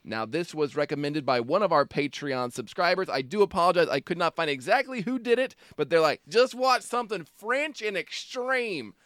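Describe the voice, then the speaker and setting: A man's voice: a little high, lively intonation, a little fast, hardly any pauses, fairly bright tone, no echo, studio quality. A man co-hosting a podcast in casual chat, joking and laughing often between his words. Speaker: podcast co-host.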